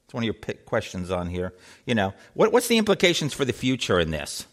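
A man teaching a Bible study in a rising and falling, animated voice. He asks the group questions, restarts his sentences and acts out quoted speech. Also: mid-range voice, a little fast.

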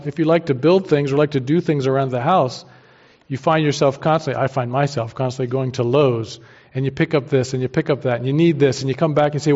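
A pastor with a voice on the high side and a slightly mellow quality preaches emphatically, leaning on homely everyday analogies. The sermon recording is dull and lo-fi.

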